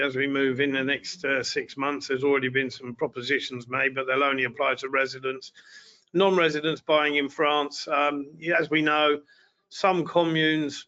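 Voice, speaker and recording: Bright, flat-voiced man on a webinar. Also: a little high, muffled recording. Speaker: estate agency owner. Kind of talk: webinar panel talk.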